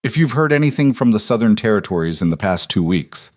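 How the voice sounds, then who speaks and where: A man's voice: on the low side, animated, brisk, darkish tone, dry recording, studio quality, lightly acted. A man voicing a defiant young woman, a cast-out wolf queen, who speaks in a cool, level, unyielding way. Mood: steely.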